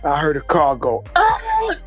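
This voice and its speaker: A man telling a comedic street story with animated, loud mimicry. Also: high-pitched, normal speed. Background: faint music.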